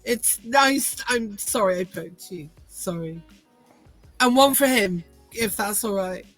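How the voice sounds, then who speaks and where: A woman's voice: mid-range voice, expressive, takes it slowly, fairly bright tone, faint music behind, low-quality recording. A woman playing a tabletop game in character, chatty, cheeky and easily flustered. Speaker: player. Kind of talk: tabletop role-play in character.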